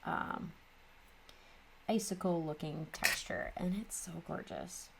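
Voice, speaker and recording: A woman's voice: sits low, fairly even intonation, slow pace, vocal fry, noisy background. A woman in her thirties with a Midwestern American accent, hosting a casual crafting vlog and rambling chattily with lots of ums. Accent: Upper Midwest American. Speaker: craft channel host.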